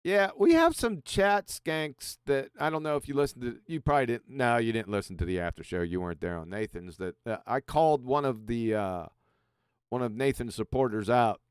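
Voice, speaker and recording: A man's voice: mid-range voice, animated, normal speed, clean tone, no room sound, clean studio sound. A man hosting a livestream panel in easygoing casual chat, chuckling often and restarting his sentences. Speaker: livestream host.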